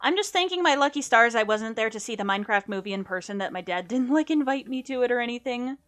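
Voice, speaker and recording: Soft music accompanies a young woman's casual gameplay stream, where she mocks herself and hums tiny sound effects. She talks fast, with a high-side voice and lively intonation.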